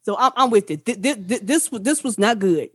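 A woman co-hosting a podcast in casual chat, talking in animated bursts with profanity and stammered restarts. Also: a little high, a little fast, husky, dry recording, studio quality. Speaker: podcast co-host.

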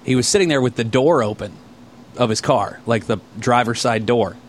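A man in casual chat, telling stories with lots of swearing and mimicking a friend in a higher voice. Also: moderate pace, a little hiss or hum.

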